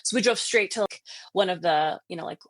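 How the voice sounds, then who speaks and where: A woman in her thirties, a podcast guest, telling a story in lively casual chat, full of fillers and laughs. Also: fairly low pitch, brisk, no echo. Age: 30s. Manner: animated, lots of fillers and laughs, acts out quotes.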